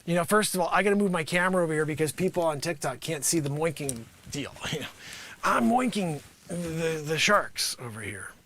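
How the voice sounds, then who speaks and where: A man with a high, bright, sharp voice improvises a sarcastic comedy sales pitch on a live stream. He rambles through filler phrases and swoops wildly up and down in pitch, breaking into loud bursts. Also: brisk, a little hiss or hum. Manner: animated, jumps to loud outbursts.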